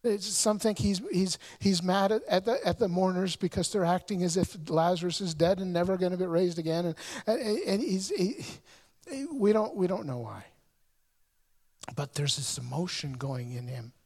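Husky pastor guy preaching, earnest, keeps repeating words as he goes. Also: sits high, normal speed, darkish tone. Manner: earnest storytelling, many stumbling repetitions. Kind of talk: sermon.

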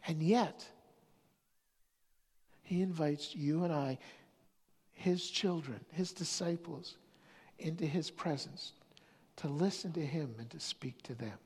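Husky pastor preaching, stumbles and restarts a lot, long echoey hall, goes loud then whispery. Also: medium pitch, animated, a little slow, long pauses. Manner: storytelling, many restarts, swings between loud and whispered. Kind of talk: sermon.

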